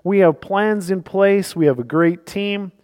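Guy pastor preaching, emphatic storyteller, kinda high voice, big church hall echo. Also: a little slow, a little mellow. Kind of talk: sermon. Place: church sanctuary. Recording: long reverb of a church hall.

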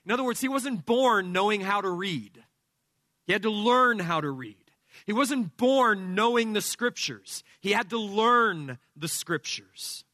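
A male pastor preaching an expository sermon, explaining scripture verse by verse in a deliberate teaching manner. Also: sits high, animated, pushed and bright, no room sound, clean studio sound.

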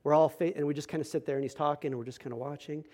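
Racing along in a highish voice with fairly even intonation, a young man pastoring a congregation tells a personal story in his sermon, shifting from quiet asides to loud, forceful stretches.

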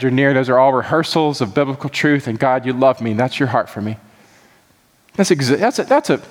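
A man's voice: mid-range voice, in a large hall. A man who is a pastor, preaching a sermon with impassioned, repetitive emphasis that keeps building.

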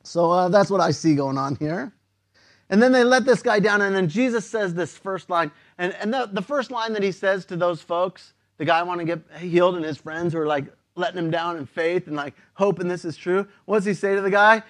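High-voiced man preaching casually. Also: a little fast. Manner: conversational, slangy, repeats words. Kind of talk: casual sermon.

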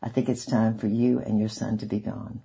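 A man reading aloud, voicing a calm, firm shopkeeper father who speaks steadily. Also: fairly low pitch, moderate pace, vocal fry, slightly rough, exaggerated voice, low-quality recording. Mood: dismissive.

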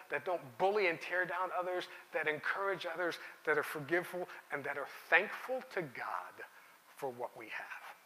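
A man's voice: a little high, bright, forceful tone. A middle-aged man pastor giving a conversational sermon with stories and emphatic repetition. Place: church sanctuary. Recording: church hall with long reverb.

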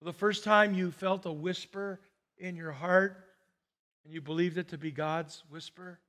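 Brief: male pastor, middle-aged, high-pitched, lively storyteller in a sermon. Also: a little slow. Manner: animated storyteller, acts out quotes with big swings.

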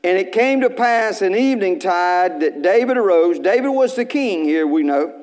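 A male pastor, preaching a sermon in church in a folksy storytelling way, with bursts of loud preaching. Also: sits high, lively intonation, moderate pace.

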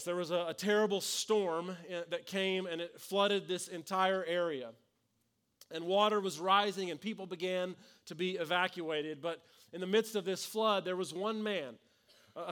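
A man's voice: high voice, steady tone, moderate pace, fairly bright tone, clear, resonant tone. A man, preaching a sermon in an earnest, conversational way with frequent restarts. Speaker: pastor.

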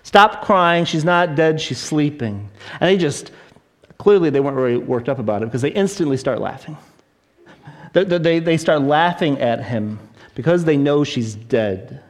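A man preaching a sermon, retelling a story with animated, acted-out voices. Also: mid-range voice. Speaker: pastor.

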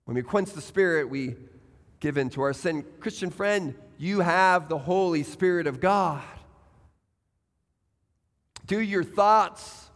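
A man preaching a sermon as pastor, speaking earnestly and putting direct questions to his congregation. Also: sits high. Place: church sanctuary. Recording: church hall with long reverb.

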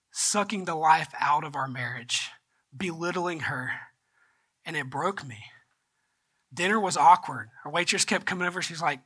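A male pastor delivers a sermon with a bright, ringing tone. He tells a personal story, often dropping to a soft, choked-up voice before rising into earnest exhortation. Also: on the high side, slightly rough.

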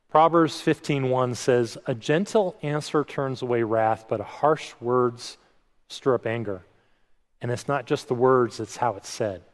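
A middle-aged male pastor gives a sermon in a chatty, self-deprecating manner, stumbling over his words now and then. His voice sits at an ordinary pitch. It carries a long reverb, as if spoken in a large hall. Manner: conversational, self-deprecating, frequent restarts and quoted asides.

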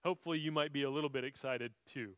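A man's voice: medium pitch, racing, no echo. A man preaching a sermon, reading scripture aloud and explaining it in an earnest way. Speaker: pastor.

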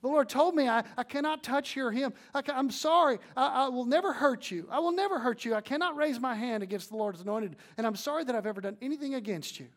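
A remorseful young warrior calls out to his king, begging forgiveness, as a preacher acts him out in a sermon. The voice rises high and loud with pleading. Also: fast talker, hardly any pauses.

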